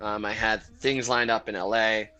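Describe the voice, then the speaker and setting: American man, guest musician, bright forceful voice, easygoing storyteller, laughs a lot, faint music behind. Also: lowish voice, normal speed, lo-fi sound. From South Florida, USA. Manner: relaxed, laughs often, chatty storytelling. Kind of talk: casual interview chat over beers.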